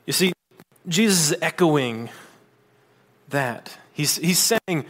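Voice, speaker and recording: A man delivering a sermon in a fairly high voice. He explains scripture in a conversational way, breaking off into asides and restarting his sentences as he goes. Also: animated, takes it slowly, long pauses, a bit bright. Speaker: pastor.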